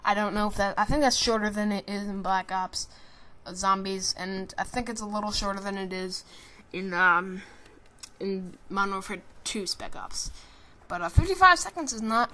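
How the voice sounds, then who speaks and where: A person giving casual, rambling commentary over a game trailer, joking and swearing, with constant fillers and restarts. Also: female voice, medium pitch, pushed and bright, slight background noise. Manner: rambling and jokey, with frequent swearing; self-interrupting, with many fillers and restarts.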